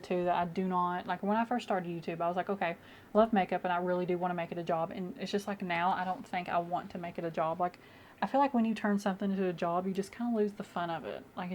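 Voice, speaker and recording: A woman's voice: on the low side, steady tone, quick pace, slight background noise. Chatty young woman doing her makeup. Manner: chatty, rambling, with many fillers. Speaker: makeup vlogger. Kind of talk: casual get-ready-with-me chat.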